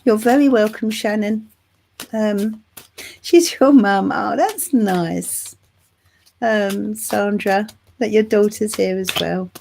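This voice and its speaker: Speaking slowly with vocal fry, a middle-aged Englishwoman hosts a live tarot reading on her channel while recovering from flu. Her medium-pitched voice is a little mellow, with a little hiss or hum in the audio, and she chats affectionately, calling viewers "love" and "darling."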